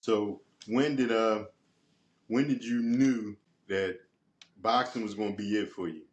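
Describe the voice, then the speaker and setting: Male interviewer, unhurried and halting, faint hiss in the room. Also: on the low side, highs cut off. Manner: slow, halting questions. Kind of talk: casual interview. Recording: roomy echo with faint noise.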